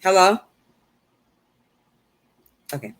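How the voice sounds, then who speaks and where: A woman's voice: very slow, slight background noise. A woman from hosting a casual live talk show from home, telling stories animatedly and laughing often. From Chicago, USA. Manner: animated storyteller with big pitch swings, laughs often. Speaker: host and minister.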